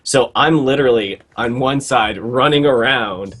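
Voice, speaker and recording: A man on a casual podcast, telling a childhood story quickly with stops and restarts. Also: medium pitch, a bit bright. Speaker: podcast co-host. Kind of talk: casual chat.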